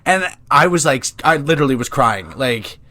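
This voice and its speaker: A man's voice: mid-range voice, expressive, normal speed, bright, forceful tone. A man in his twenties hosting a podcast, telling crude, joking stories in casual chat. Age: 20s. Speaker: podcast host.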